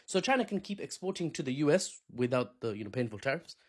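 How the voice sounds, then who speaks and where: A man's voice: medium pitch, big pitch swings, fast talker, breathy edge. A man hosting a casual solo news commentary, jokey and chatty, who wanders into asides. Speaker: commentary host.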